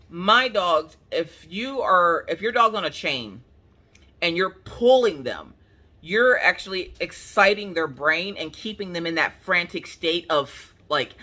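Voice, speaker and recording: A woman crafting-channel host from Pennsylvania, telling a story in casual chat, animated and colloquial, acting out what people said. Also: on the low side. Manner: animated, colloquial, acts out quotes.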